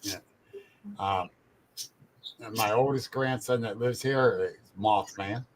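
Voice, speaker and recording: A man's voice: lowish voice, slow pace, a little hiss or hum. An older man, a grandfather, telling easygoing stories in casual chat and chuckling as he goes.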